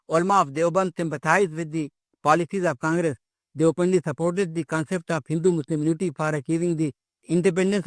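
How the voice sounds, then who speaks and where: A man's voice: a little high, dry recording. An older man giving an academic lecture, hesitant, with many fillers and repeated words.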